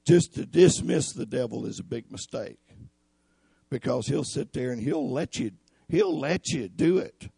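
A man with a raspy voice preaching a sermon in an earnest, emphatic way. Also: medium pitch, animated, a little slow, dark tone, dry recording, clean studio sound. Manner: earnest, emphatic, addresses listeners as y'all.

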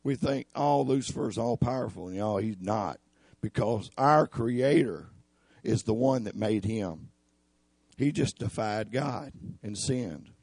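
A man with a raspy voice preaching a sermon in an earnest, emphatic way. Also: on the low side, slow, darkish tone, dry recording. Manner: earnest, emphatic, addresses listeners as y'all.

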